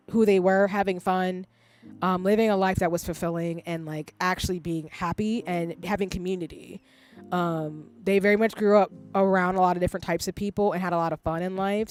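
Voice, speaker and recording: A woman in her thirties chatting casually on a livestream, rambling and candid and swearing freely. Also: on the low side. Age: 30s. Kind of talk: casual stream chat.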